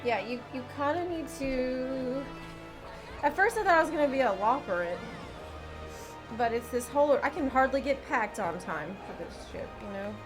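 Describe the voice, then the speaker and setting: A woman's voice: sits high, expressive, moderate pace, over music. A woman streamer chatting casually with her viewers, rambling and often cutting herself off mid-sentence. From United States. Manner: chatty, rambling, self-interrupting.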